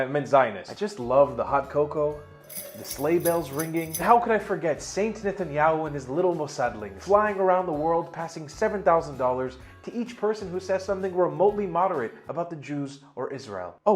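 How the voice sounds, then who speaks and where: A man reading a sarcastic mock holiday advertisement in a jokey salesman pitch. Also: natural voice. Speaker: ad narrator.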